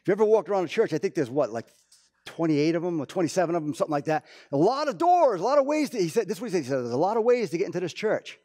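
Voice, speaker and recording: A pastor preaching a casual, storytelling sermon, with many restarts and asides. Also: male voice, sits high, very animated, racing, mellow, dry recording, studio quality. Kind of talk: conversational sermon. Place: church.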